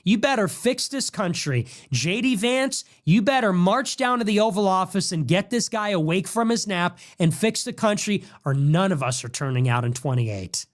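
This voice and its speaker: A man's voice: high-pitched, expressive, moderate pace, few pauses. A young man hosting a podcast, delivering a combative political monologue and repeating his ultimatums in a mocking tone. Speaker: podcast host.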